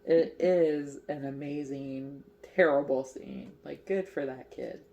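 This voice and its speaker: A woman's voice: deep voice, slow, gravelly, warm tone. A woman casually recapping a movie as a crochet vlogger, chatty and giggly, with lots of fillers.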